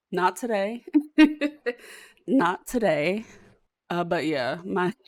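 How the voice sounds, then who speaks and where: A young woman with a speech impediment, chatting casually to her viewers as a YouTuber. She rambles and stutters with frequent restarts. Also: lowish voice.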